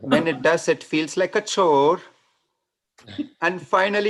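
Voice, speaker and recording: A man from India with an Indian accent, performing a stand-up set of deadpan one-liners over a video call. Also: on the high side, measured pace, pauses often. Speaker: stand-up comedian. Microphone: computer mic on a video call.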